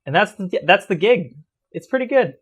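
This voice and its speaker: A man co-hosting a podcast, improvising a comedy product pitch in a dry, matter-of-fact way. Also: animated, moderate pace, a bit bright, breathy edge. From United States. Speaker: podcast co-host.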